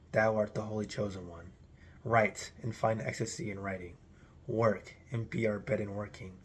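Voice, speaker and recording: A man's voice: lowish voice, slightly rough. A man giving a solemn, declamatory recitation of an archaic religious text in an intoned delivery. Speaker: reader.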